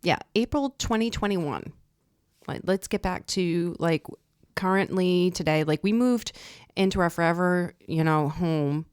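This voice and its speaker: A middle-aged woman with a Boston accent, telling stories on a podcast and acting out quotes with sudden jumps in pitch and loudness. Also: unhurried, smooth, dry recording, clean studio sound. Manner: animated, acts out quotes with jumps in pitch and volume. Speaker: podcast host. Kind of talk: casual storytelling chat.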